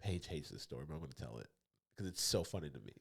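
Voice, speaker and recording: A man's voice: rumbling low, big pitch swings, quick pace, gravelly, slightly rough. A man co-hosting a comedy podcast, telling a rambling story with frequent laughs and restarts. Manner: rambling, laughs often, acts out others' voices. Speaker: podcast co-host. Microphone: podcast studio mic.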